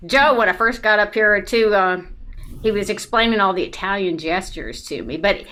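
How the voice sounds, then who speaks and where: Woman doing standup on a video call, bright voice, dry quick asides. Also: medium pitch, expressive. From South Carolina. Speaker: stand-up comedian.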